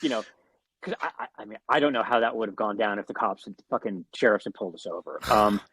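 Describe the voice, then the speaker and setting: A man's voice: lowish voice, fast talker, a bit bright, breathy edge, no room sound, rough recording. A man telling a long, rambling story in a casual interview, swearing and restarting often. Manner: rambling, profane, frequent fillers and restarts. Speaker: guest musician.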